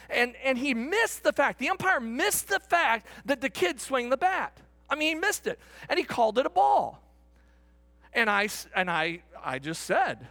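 A middle-aged man preaches a sermon with a high, ringing voice. His pitch leaps and dips widely as he tells his story. He shifts from excited shouting to hushed, quiet moments. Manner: animated, swings from shouting to hushed. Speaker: pastor.

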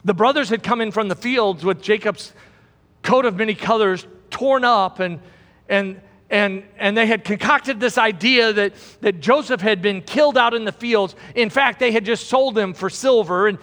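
A man's voice: high-pitched, moderate pace, a bit bright, big-room sound. A man preaching a sermon as pastor, emphatic and repeating key words for stress.

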